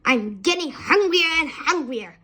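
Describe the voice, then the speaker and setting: A woman's voice: high voice, expressive, unhurried, pushed and bright, exaggerated voice. A woman voicing a greedy, scheming male crocodile in a storybook reading, murmuring slyly.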